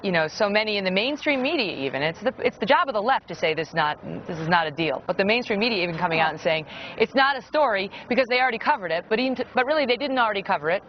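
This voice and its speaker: A woman moderating a news panel, pressing her guests with brisk questions in a mid-range voice. The sound is a little dull, with a faint hiss behind it. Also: medium pitch, animated. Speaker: news show host. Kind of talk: moderating cable news debate. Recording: slightly dull broadcast audio with faint noise.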